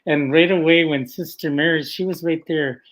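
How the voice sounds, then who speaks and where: A guest storyteller, an older man from Canada's Vancouver Island west coast, speaks with a somewhat high voice on a rough recording. His casual tales unfold slowly and gently, with laughter coming often between phrases.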